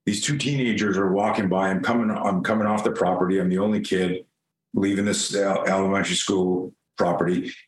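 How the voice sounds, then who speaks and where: Older male guest, lively self-mocking storyteller, salty language, room echo. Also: deep voice, fairly quick, a little hiss or hum. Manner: animated, self-mocking, swears freely. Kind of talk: casual storytelling. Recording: roomy echo.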